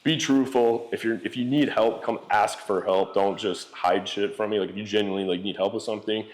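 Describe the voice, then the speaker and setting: A man's voice: lowish voice, fairly even intonation, brisk. A man in his forties, a podcast guest telling candid stories in a casual, profane way, full of fillers like "like" and "you know". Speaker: real estate entrepreneur guest.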